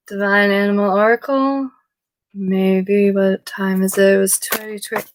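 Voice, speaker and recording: A woman's voice: mid-range voice, steady tone, unhurried, a little hiss or hum. A woman giving a casual tarot reading who rambles off-topic, swears freely and laughs at herself. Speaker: tarot card reader.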